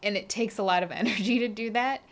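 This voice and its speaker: A woman talking openly with her partner in a casual chat. She giggles often between words. Her voice sits at an ordinary pitch for a woman. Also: fast. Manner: giggly, candid.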